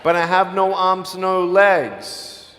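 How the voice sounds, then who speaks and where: A man speaks to a live audience in a large hall, and his voice rings out with a long echo. He tells his story with energy, acting out the people in it and moving between playful jokes and sincere appeals. His voice sits a little high for a man. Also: fairly even intonation, slow pace, fairly bright tone. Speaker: motivational speaker. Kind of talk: motivational speech to a live audience.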